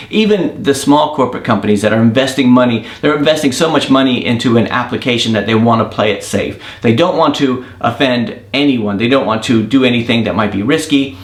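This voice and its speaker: A man hosting his own daily show as an indie app developer, thinking aloud in a casual, rambling monologue. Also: mid-range voice. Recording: roomy echo.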